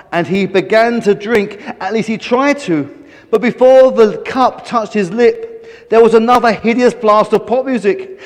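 High-voiced man reading a story aloud. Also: big-room sound. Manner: animated, playful emphasis with repeated phrases.

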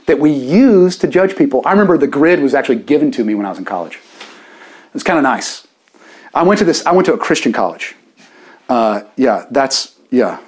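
A male pastor in his forties delivers a conversational sermon with lots of animation. His voice sits a little high and jumps up and down expressively. He drops in chatty, self-deprecating asides along the way. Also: darkish tone.

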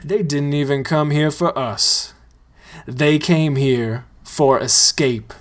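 A reader voicing Tarzan, a quiet man giving a solemn, measured speech. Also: a little high.

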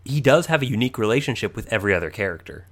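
A man co-hosting a podcast, chatting casually about a cartoon, thoughtful and quick to laugh. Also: fairly low pitch, lively intonation, a bit bright. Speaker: podcast co-host. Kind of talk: casual chat analyzing a cartoon.

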